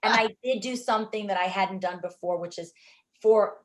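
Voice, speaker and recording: A middle-aged woman filmmaker, telling stories from a shoot in an interview, animated and quick to act out what people said. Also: mid-range voice. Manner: animated, acts out quotes, many fillers. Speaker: filmmaker guest. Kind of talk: interview storytelling.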